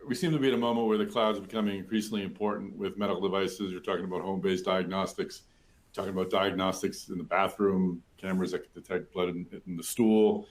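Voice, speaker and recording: A man's voice: low voice, fairly even intonation, fast talker. A man hosting a virtual industry talk, chatty and self-deprecating, with many fillers. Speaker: webinar host.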